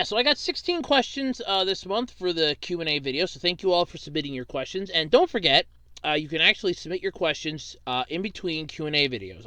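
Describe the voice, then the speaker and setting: A man's voice: mid-range voice, sharp tone, clean tone, dry recording. A man hosting a casual question-and-answer video, rambling with lots of fillers and restarts and a little stuffy from seasonal allergies. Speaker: host of a monthly Q&A video.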